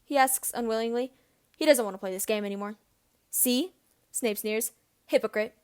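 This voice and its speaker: A woman reading fan fiction aloud as narrator, in steady storytelling narration. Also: fairly high pitch, fairly quick, clear, resonant tone. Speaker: reader.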